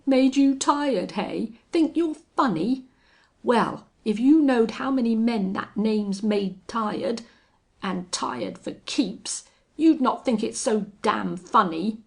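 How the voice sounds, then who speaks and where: A hoarse, shouting rustler chief from an old western audiobook, as a woman narrator puts him on. His talk is rough and slangy, delivered slowly in a gravelly voice that keeps rising and booming. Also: expressive, full character voice. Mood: frightened, blustering. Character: fearful blustering male rustler leader, older man. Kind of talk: audiobook reading.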